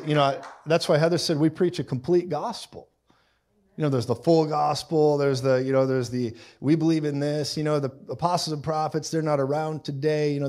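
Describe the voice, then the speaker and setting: A man's voice: on the high side, a little mellow. Man preaching a casual, chatty sermon. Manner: conversational preaching, asides and acted quotes. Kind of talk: live sermon.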